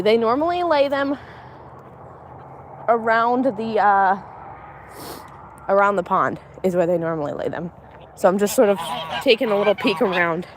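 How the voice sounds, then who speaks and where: A young woman chatting casually on a farm livestream, laughing often and talking to her animals outdoors. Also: mid-range voice. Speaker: homestead livestreamer. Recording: faint outdoor noise.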